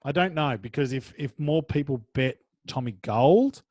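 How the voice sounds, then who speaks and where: An Australian man co-hosting a horse racing podcast, chatty and quick to joke. His voice sits at an ordinary middle pitch and often drops off quietly as a thought winds down. The recording is dry and close to the mic. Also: dry recording. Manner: chatty, joking, drifts quieter and lower at the ends of thoughts. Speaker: podcast co-host. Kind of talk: casual horse racing tips chat.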